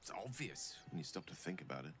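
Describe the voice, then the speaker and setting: A proud, witty male wizard in a video game. He speaks wryly and articulately, with a very lively, sweeping intonation. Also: low voice, quick pace, noisy background. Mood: wry unease. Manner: wry, articulate. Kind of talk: game voice acting.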